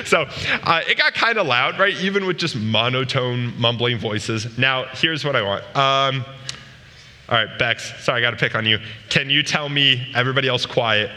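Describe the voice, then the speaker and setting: A man's voice: medium pitch, moderate pace, bright, forceful tone, long reverb tail. A man giving a casual, joking sermon to a youth group. He often asks the room questions. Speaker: youth pastor. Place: large room with a live audience.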